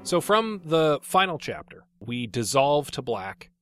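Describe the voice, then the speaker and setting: A man co-hosting a casual book discussion podcast, talking in a wry, relaxed way with jokey segues. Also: a little high, measured pace, over loud music. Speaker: podcast co-host.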